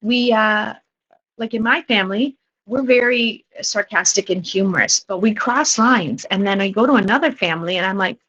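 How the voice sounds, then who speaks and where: Husky-voiced woman telling funny stories. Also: mid-range voice, moderate pace, lo-fi sound. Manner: animated storytelling, jumping into quoted voices. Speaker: guest, improv comedian and theatre teacher. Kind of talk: casual podcast chat.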